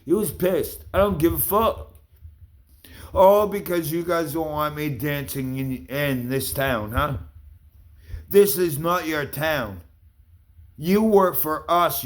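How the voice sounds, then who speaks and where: A man delivers a heated rant straight to his listeners, swearing at every turn and jabbing at them with accusations. His voice sits a little on the high side. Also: expressive, takes it slowly. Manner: heated, accusing, swears constantly, addresses people directly. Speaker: vlogger. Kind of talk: angry profane rant to camera.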